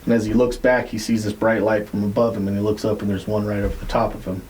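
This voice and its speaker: Mellow-voiced man spinning a casual yarn. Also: on the low side, little pitch movement, quick pace, slight background noise, rough recording. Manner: loose, rambling retelling with frequent "like" and swearing. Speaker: podcast host. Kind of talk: casual storytelling.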